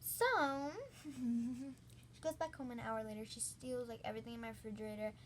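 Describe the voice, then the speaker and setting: A woman's voice: a little high, normal speed, a little hiss or hum. A woman hosting a storytime channel, recounting a story in a rambling, casual way with lots of "like". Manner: rambling, heavy use of "like".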